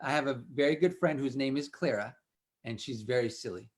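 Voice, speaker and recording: A man's voice: mid-range voice, a little fast. A man leading a children's music session, telling a playful story and asking the kids questions. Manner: animated, question-and-answer with kids.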